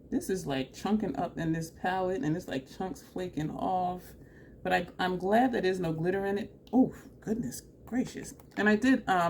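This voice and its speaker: A woman's voice: lowish voice, darkish tone, slight background noise. A woman chatting casually through a makeup tutorial, self-deprecating and laughing often, with a runny nose. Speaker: makeup vlogger.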